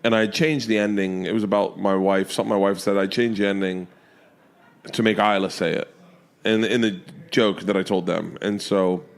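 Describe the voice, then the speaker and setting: A man in his forties, a comedian guest telling stories on a podcast, animated and freely swearing as he acts out his family's lines. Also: on the low side, moderate pace, creaky. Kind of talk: casual podcast storytelling. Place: comedy club during a remote podcast.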